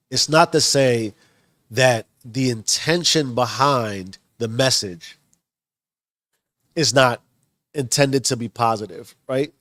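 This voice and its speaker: A man's voice: medium pitch, lively intonation, measured pace, no echo, studio quality. A married man with children talking in a casual motivational monologue, earnest and rambling with many restarts. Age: adult, married with children. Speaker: self-improvement vlogger.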